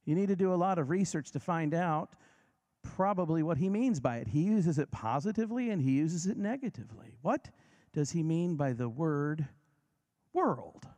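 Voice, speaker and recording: A man preaching a sermon, emphatic and dramatic, who slows down and speeds up, drops to a near whisper and rises again, and leads his listeners in repeating lines. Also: a little high, expressive, mellow. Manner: emphatic, varies pace and volume for effect.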